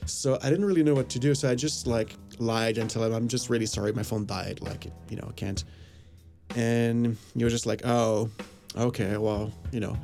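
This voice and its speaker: A man's voice: medium pitch, fairly even intonation, normal speed, creaky, a little mellow, faint music behind. A man casually telling a personal anecdote, rambling with lots of fillers and quoted dialogue. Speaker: storyteller. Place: Los Angeles area.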